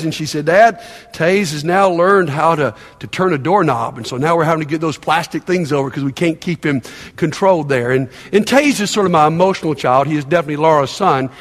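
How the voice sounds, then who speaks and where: An older male pastor with a high-pitched voice, preaching in an animated storytelling way and slipping into the voices of the people he quotes. The sound carries a long reverb from a large hall. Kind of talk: sermon.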